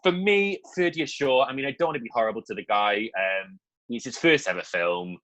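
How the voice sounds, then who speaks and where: A man's voice: medium pitch, lively intonation, fairly quick, a bit bright, low-quality recording. A young man co-hosting a film review show, talking casually and candidly with lots of asides and fillers.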